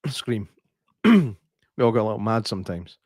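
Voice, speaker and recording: A man's voice: on the low side, big pitch swings, moderate pace, darkish tone, no room sound. A Scottish man co-hosting a podcast, teasing his friend in a dry way. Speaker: podcast co-host. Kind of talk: casual chat.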